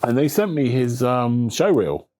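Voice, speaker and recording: Man, author interview, casual storytelling, acts out quotes, mid pitch. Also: expressive, a little slow, darkish tone. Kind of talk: relaxed conversational interview.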